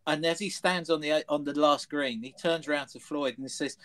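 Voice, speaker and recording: A man on a sports panel show, chatting casually and telling animated anecdotes. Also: on the high side, moderate pace, hardly any pauses, rough recording. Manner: anecdotal storyteller, animated retelling. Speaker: studio panelist.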